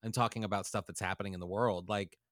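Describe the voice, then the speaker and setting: A man's voice: lowish voice, fairly even intonation, fast talker, no room sound, studio quality. A man co-hosting a podcast, playful and prone to tangents, talking in a casual chat. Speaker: podcast host.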